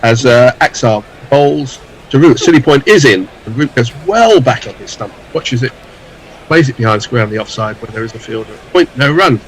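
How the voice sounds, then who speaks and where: A man's voice: mid-range voice, expressive, moderate pace, poor audio. Male commentator, live cricket play-by-play, dry wry humour, faint background noise. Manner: dry, wry asides between deliveries.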